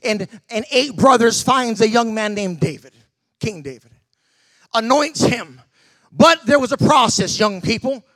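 A male pastor preaching a sermon in an emphatic style, with shouted bursts and many repeated words. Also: very high voice, expressive, measured pace, no room sound.

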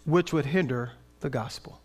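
A man preaching a sermon in an animated, conversational way with playful asides. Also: medium pitch, moderate pace, husky. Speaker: pastor.

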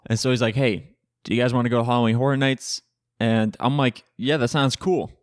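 A man's voice: mid-range voice, fairly even intonation, brisk, no room sound. Chatty young man telling stories, dry. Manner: chatty, laughs often, swears casually, acts out quoted friends. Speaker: podcast host. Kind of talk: casual solo storytelling.

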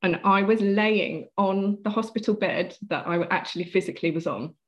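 The recording sounds lo-fi as a woman with a medium-pitched voice, speaking at a moderate pace, tells an interviewer a personal story. She's earnest and animated in the retelling, acting out the quotes.

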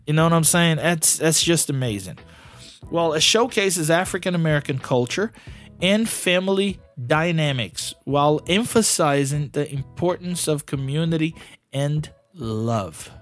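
Hosting a casual solo podcast, this man speaks English as a second language, chatting informally and leaning heavily on "you know." His voice is on the high side with lively intonation and an unhurried pace, over soft background music.

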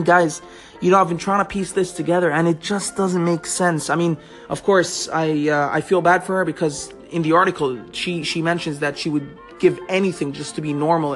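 A man's voice: a little high, fairly bright tone. A man hosting a casual talk show, chatting animatedly and often addressing his listeners as guys. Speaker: host.

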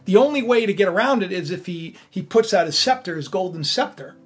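A preacher retells a scripture story with lively energy and frequent asides to the listeners. The voice is husky. Soft music plays faintly underneath. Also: medium pitch, fairly quick.

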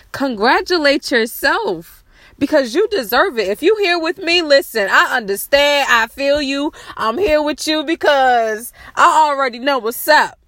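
A woman's voice: high-pitched, a bit bright, no echo. A woman hosting her own show, speaking heartfelt, repetitive affirmations outdoors at night, at times close to tears. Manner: slow, repetitive, soothing affirmations; emotional, tearful at times. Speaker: podcast host.

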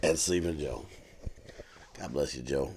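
A man co-hosting a casual podcast chat, laid-back, profane, and quick with short wisecracks. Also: very deep voice, darkish tone, a little hiss or hum. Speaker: podcast co-host.

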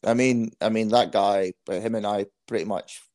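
A Scottish man in his thirties with a fairly low voice, talking as a guest on an interview podcast. He tells his stories frankly and pokes fun at himself. The recording is dry and close, with no room sound. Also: steady tone, normal speed, darkish tone, no room sound. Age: 30s. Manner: frank, anecdotal, self-deprecating. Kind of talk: casual interview storytelling.

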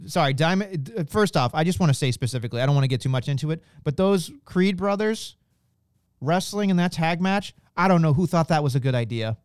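A man's voice: fairly high pitch, a little fast, clear, resonant tone, no echo, studio quality. Profane, ranting podcast man. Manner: blunt, profane, animated ranting. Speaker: wrestling podcast co-host. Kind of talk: casual podcast chat.

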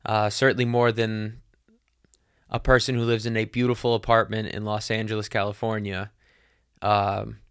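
Young adult male podcast host, low-pitched and smooth, loose and rambling, curses casually. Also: level tone, moderate pace, fairly bright tone, no room sound, clean studio sound. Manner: rambling, many fillers, swears casually. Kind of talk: casual solo monologue.

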